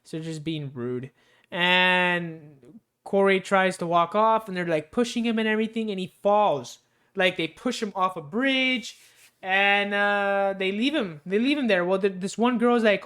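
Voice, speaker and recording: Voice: mid-range voice, moderate pace, a bit bright, clear, resonant tone. A movie reviewer casually recapping a film with spoilers, rambling loosely with lots of fillers, restarts and swearing.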